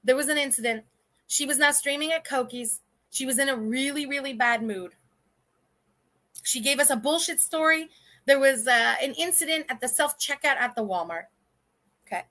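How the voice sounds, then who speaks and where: A woman in her thirties hosts a livestream, chatting casually but bluntly, with profanity and indignation, rambling and restarting as she goes. Her voice is high and sharp, at normal speed with long pauses.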